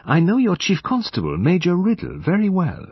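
A stern, precise detective, as a man reads him aloud, speaking with grave, measured authority. The voice sits a little high for its reader, slightly husky, and has a dull, dry lo-fi sound. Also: wildly swooping pitch, no room sound, exaggerated voice. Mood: calm.

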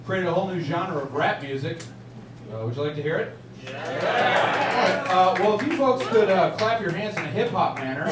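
A man's voice: high-pitched, moderate pace, distant mic, lightly acted. A man playing a sappy male rapper for sensitive men, coaxing and half-singing. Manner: earnest, coaxing, half-sung rap. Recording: echoey club, loud background noise.

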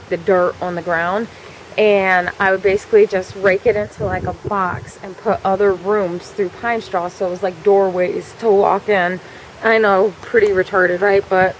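Woman vlogger, mid-pitched, casual storytelling, chatty and profane. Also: a little hiss or hum, rough recording. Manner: chatty, frequent fillers, swears freely.

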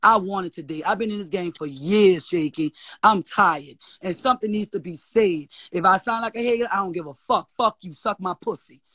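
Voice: mid-range voice, moderate pace, few pauses, pushed and bright, dry recording. A guest with a New Orleans accent ranting on a live stream, profane, defiant and mocking, repeating insults. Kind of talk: heated live-stream rant.

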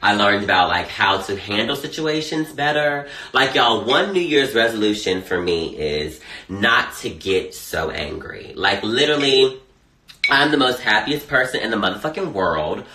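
A man chatting casually on a phone livestream, sassy and animated, swearing a lot. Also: lowish voice, moderate pace. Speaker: social media personality. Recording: echoey room, faint noise.

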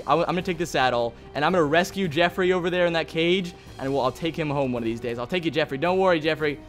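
An excitable man with a fairly high voice narrates his game as he plays. He talks in a chatty, think-aloud way, hosting a let's play video. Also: quick pace, hardly any pauses, faint music behind. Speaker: gaming video host.

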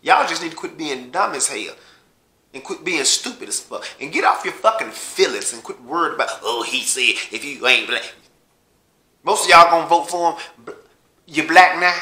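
A man's voice: fairly high pitch, expressive, normal speed, sharp tone, echoey room. A man in a blunt, heated political rant, cursing heavily and mocking his listeners. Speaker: vlogger.

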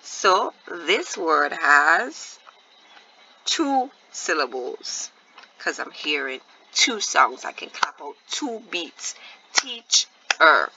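Slow, gravelly-voiced woman teaching phonics. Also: low-pitched, very animated, sharp tone, low-quality recording. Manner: drawn-out, deliberate word repetition with encouraging questions. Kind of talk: slow, clear phonics lesson for young children.

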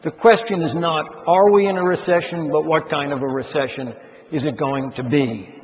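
An older man giving a measured, emphatic lecture on the economy to an audience of investors, stressing key words. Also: on the high side, steady tone. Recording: dull sound in a large reverberant hall.

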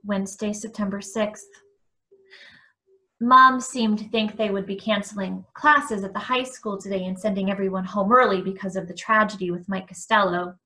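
Bright-voiced woman reading a novel aloud. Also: mid-range voice. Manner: expressive, occasional small restarts. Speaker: book reader.

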